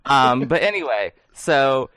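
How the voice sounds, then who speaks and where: A man's voice: mid-range voice, lively intonation, slow pace, fairly bright tone, dry recording. A man co-hosting a sports podcast, chatting casually, rambling and joking with frequent laughs. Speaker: podcast co-host.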